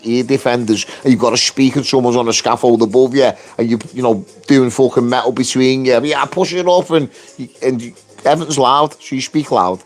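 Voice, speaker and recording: Bloke ranting about a work dispute, loud and sweary, middle pitch, faint music behind. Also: male voice. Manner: animated, jumps pitch to act out quotes. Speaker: construction worker telling his story. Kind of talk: casual storytelling.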